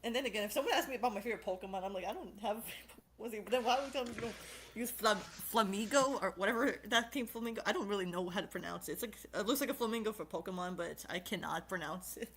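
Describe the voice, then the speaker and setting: A woman's voice: mid-range voice, very fast, fairly bright tone, slight background noise. A woman hosting a casual stream, talking in a giggly, rambling, self-deprecating way, with a lisp. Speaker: streamer host.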